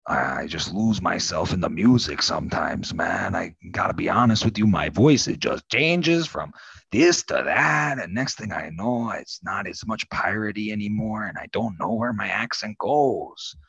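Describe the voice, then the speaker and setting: A man's voice: fairly low pitch, lively intonation, moderate pace, vocal fry, a bit bright, slightly rough, dry recording, dull audio, voice pushed down, full character voice. A man playing a pirate ghost from the thirteenth century who talks in a growly pirate voice that drifts into a laid-back stoner drawl.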